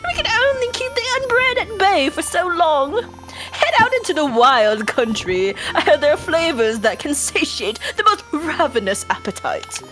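A woman's voice: sits high, very animated, moderate pace, a bit bright, soft background music, pitched above the performer's own voice, rough recording. A woman voicing a pompous male game mentor in a mock British accent, delivered with an exaggerated, giggly edge. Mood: grandiose.

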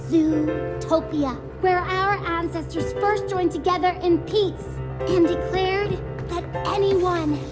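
Eager young rabbit cop, cartoon film, very high voice, score playing underneath. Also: female voice, takes it slowly, loud music behind the voice. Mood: rousing. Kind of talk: animated film dialogue.

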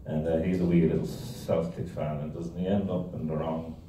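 A deep-voiced man rambles through jokes and anecdotes for a club audience. His voice is dark and sits low, picked up from far off in a very echoey meeting room with a faint background hum. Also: level tone, moderate pace. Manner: rambling, joke-telling, self-interrupting. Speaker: guest speaker. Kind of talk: humorous talk to a club. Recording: echoey room, distant mic.

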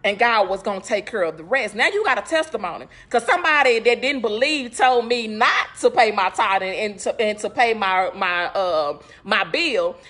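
A woman's voice: medium pitch, expressive, normal speed, few pauses, a bit bright. A woman podcast host in a casual faith talk, earnest and emphatic. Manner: earnest, conversational, emphatic preaching tone.

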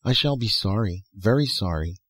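A man reading aloud and voicing a gentle, mournful young woman from a dream world, speaking tenderly and softly. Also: on the low side, expressive, normal speed, slightly rough, no echo. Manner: tender, soft-spoken pleading.

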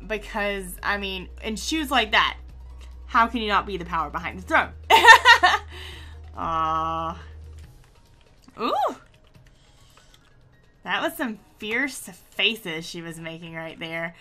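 A woman giving casual let's-play commentary, chatty and excitable, gushing and teasing herself as she plays. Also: mid-range voice, takes it slowly, pauses often, soft background music. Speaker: gaming YouTuber.

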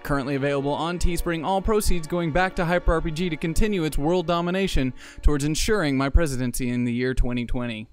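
A man filling in as host on a game stream, chatting with viewers and giving upbeat, salesy plugs. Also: fairly high pitch. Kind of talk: casual stream chat and promos.

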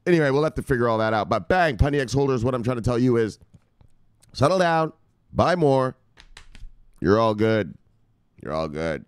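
A man hosting a crypto news show, talking in an excited, casual way, shouting catchphrases, laughing and swearing. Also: mid-range voice, brisk, clean tone, dry recording. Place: home near the beach.

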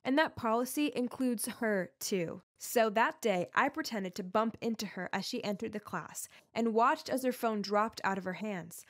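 A woman giving scripted first-person narration of an animated story in a confiding tone. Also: medium pitch.

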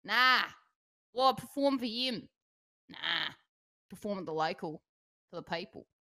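A woman's voice: medium pitch, lively intonation, unhurried, vocal fry, sharp tone, full character voice. A woman voicing a brash young Australian wannabe singer with a broad Australian accent, talking in cocky slangy banter with broken grammar. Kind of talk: comedy sketch from a livestream.

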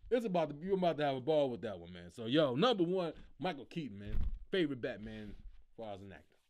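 A man's voice: medium pitch, big pitch swings, fast talker, a little mellow. A man hosting a comedy podcast, talking casually in slang and laughing often as he ranks things. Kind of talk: casual comedic ranking monologue.

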